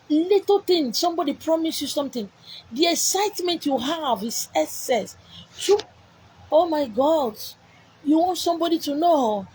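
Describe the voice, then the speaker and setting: A woman's voice: high voice, animated, moderate pace, darkish tone, slight background noise, poor audio. A woman with a Nigerian accent delivering a spiritual message, repeating herself emphatically and scolding with rhetorical questions. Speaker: spiritual messenger. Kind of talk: preached message to viewers.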